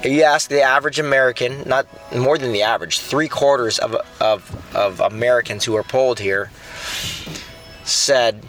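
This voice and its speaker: A man's voice: medium pitch, unhurried, fairly bright tone, faint music behind. A middle-aged man preaching a sermon in a conversational way, often repeating words while he thinks. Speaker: pastor.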